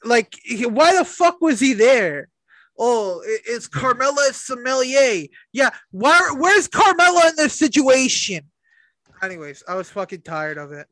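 A man's voice: very high voice, big pitch swings, measured pace, sharp tone, no echo. A man co-hosting a casual talk show, blunt and ranting, swearing often. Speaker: podcast co-host. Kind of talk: casual chat.

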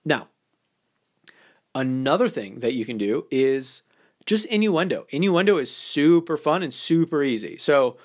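On his instructional podcast, a male dating coach talks casually with many fillers, performing playful sample lines along the way. He has a fairly high, animated voice and speaks at a measured pace.

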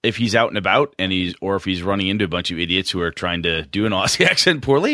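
A man with a very low voice co-hosting a casual podcast, recorded close and dry. He talks in a rambling, friendly way, often breaking off and restarting his thoughts. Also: expressive, quick pace, bright, forceful tone, no echo. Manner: rambling, chatty, self-interrupting. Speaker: podcast co-host.

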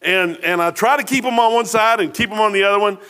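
Man, 50s, pastor; homespun, joking sermon in church, high bright tone. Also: quick pace. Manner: folksy storytelling, self-deprecating humor.

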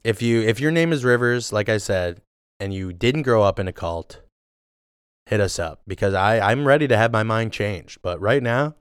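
A man's voice: fairly low pitch, animated, moderate pace, clean tone, no room sound, studio quality. A man co-hosting a podcast, a little drunk, chatting casually in a rambling, joking, profane way. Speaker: podcast co-host. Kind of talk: casual chat.

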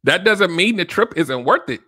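A man's voice: high voice, expressive, normal speed, sharp tone, no echo, clean studio sound. A man hosting a solo relationship-advice podcast, talking casually and directly to listeners, often checking in with "right?". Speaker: podcast host.

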